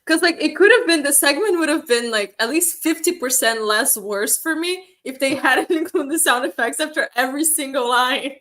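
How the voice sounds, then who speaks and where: A woman's voice: sits high, normal speed, hardly any pauses, pushed and bright. A woman co-hosting a wrestling podcast in casual chat, chatty and giggly. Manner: chatty, giggly, many "like" fillers. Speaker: podcast co-host.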